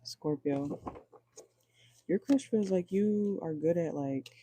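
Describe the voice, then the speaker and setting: A man reads tarot cards on a casual livestream, joking and chatting straight to his viewers with plenty of swearing. His voice is very dark and mellow and sits a touch high for a man. The sound is close and completely dry. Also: takes it slowly, no echo. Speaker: tarot reader.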